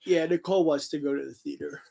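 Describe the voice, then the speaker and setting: A man who is a guest on a casual podcast, answering in brief, low-key replies. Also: steady tone, fast, gravelly, mellow.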